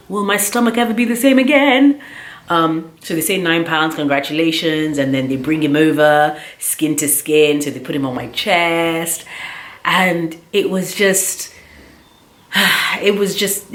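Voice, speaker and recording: A woman telling a personal story in a casual vlog, animated and chatty, with plenty of filler words. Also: fairly low pitch. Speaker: vlogger. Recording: roomy echo.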